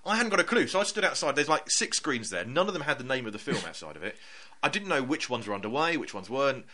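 A man talks casually about films, his voice bright and ringing as his pitch leaps up and down. He tells his stories with lively acted-out thoughts, a co-host in easy chat. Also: fast. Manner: animated storyteller, acts out his own thoughts in quotes. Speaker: podcast co-host.

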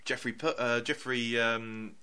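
A man's voice: mid-range voice, a little slow, clear, resonant tone. A man chatting casually about films as a podcast co-host, telling stories and acting out his own thoughts. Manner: animated storyteller, acts out his own thoughts in quotes.

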